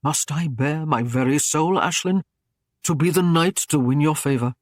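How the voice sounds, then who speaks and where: A man reading an audiobook who voices a flattering knight with a coaxing, smooth manner. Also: fairly high pitch, moderate pace, no echo, clean studio sound, natural voice. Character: smooth-talking knight wooing a woman.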